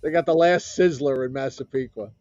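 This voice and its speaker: A man's voice: mid-range voice, fairly quick, a little mellow, lo-fi sound. A man co-hosting a casual talk show with easygoing, wry remarks. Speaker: co-host. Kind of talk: casual chat.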